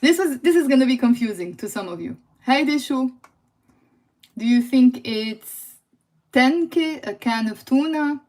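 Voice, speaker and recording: A woman's voice: high-pitched, a little mellow. A young woman with a Lebanese accent teaches a live language lesson, quizzing viewers and moving between Arabic and English.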